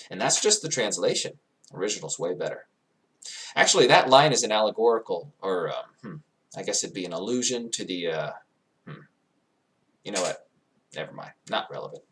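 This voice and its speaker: A man's voice: lowish voice, big pitch swings, fairly quick, fairly bright tone. A man narrating a fantasy world in character as its guide, grandiose and digressive, swelling at times into emotional peaks.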